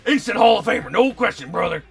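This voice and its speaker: A man voicing a loud, overjoyed tomboy girl who gushes like a wrestling fan, with game music behind him. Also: high voice, big pitch swings, fast talker, creaky, husky, voice pushed up, full character voice. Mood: gushing. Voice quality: loud, gushing.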